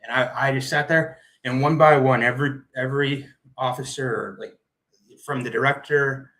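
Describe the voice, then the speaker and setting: A man, an Air Force veteran, telling his story as a podcast guest in an animated, vivid way. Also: mid-range voice, normal speed, poor audio. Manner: vivid, animated retelling with acted-out quotes. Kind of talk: personal storytelling in a podcast interview.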